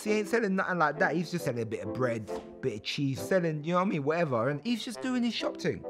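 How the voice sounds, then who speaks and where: Animated man telling a story. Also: a little high, quick pace, music in the background. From England. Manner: animated slangy, acts out characters. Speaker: comedian storyteller. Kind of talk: tipsy comic storytelling.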